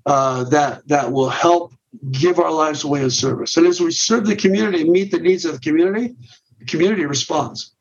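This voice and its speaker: A middle-aged man who directs a men's ministry guests on a podcast, explaining his method in steps with frequent restarts and repeated words. He speaks a little fast in a fairly high voice. The audio comes through dull and muffled.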